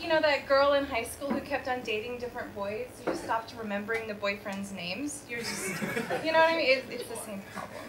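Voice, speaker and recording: Woman doing rambly stand-up, crowd laughing. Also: high-pitched. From Detroit, USA. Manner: casual, rambling, laughing at her own jokes. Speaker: stand-up comedian. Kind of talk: stand-up comedy set. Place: bar with live audience. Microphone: handheld mic. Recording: live club audience noise. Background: audience laughter.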